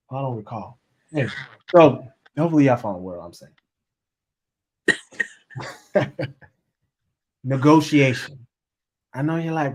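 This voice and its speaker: A man's voice: medium pitch, normal speed, pauses often. A man giving a casual motivational talk as a relationship coach, talking straight to his audience and acting out the voices of people he quotes. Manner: animated, acts out quoted voices, addresses audience as y'all.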